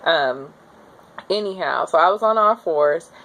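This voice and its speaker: A young woman casually telling her own birth story to camera, acting out her screams and pleas in a high, strained voice. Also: expressive, measured pace, a bit bright.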